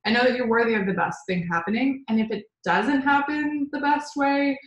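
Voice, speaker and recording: A woman's voice: high voice, moderate pace, muffled recording. A woman hosting a motivational chat, speaking in an encouraging, reassuring way. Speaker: host. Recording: echoey room.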